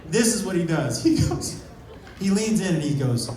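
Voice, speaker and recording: Animated man doing live stand-up. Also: high voice, moderate pace, a little hiss or hum. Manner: animated, punchy, swears freely, builds to loud bursts. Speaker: stand-up comedian. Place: comedy club stage with a live audience. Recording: echoey, distant live club recording with a loud crowd.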